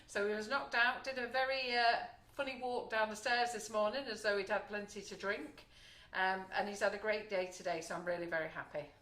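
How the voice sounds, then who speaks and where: A woman hosting a live baking stream from her shop kitchen, loud and chatty, reading out viewer comments. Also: medium pitch, fairly even intonation, a little fast, few pauses, roomy sound. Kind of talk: casual live-stream chat.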